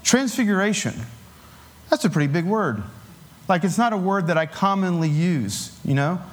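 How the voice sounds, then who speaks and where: A man delivers a sermon in a casual, talky manner, slipping in filler words and easy chuckles. His voice sits a bit higher than most men's. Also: lively intonation, normal speed. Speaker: preacher.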